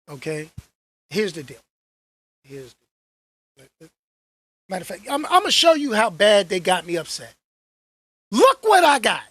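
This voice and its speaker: Husky, animated man ranting to camera. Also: sits high, no room sound. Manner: animated, slangy, repeats phrases for emphasis. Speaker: channel host. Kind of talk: casual rant to camera.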